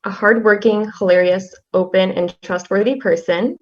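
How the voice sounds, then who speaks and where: Speaking as class representative, a young woman recites a tribute poem softly and haltingly, with fillers between lines and a steady tone. Her voice has a typical mid-range pitch. The audio comes across slightly lo-fi and dull.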